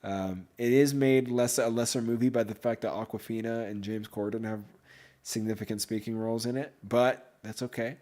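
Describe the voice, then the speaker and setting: A man hosting a podcast in casual chat, rambling and excitable, with many fillers. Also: medium pitch, normal speed. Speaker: podcast host.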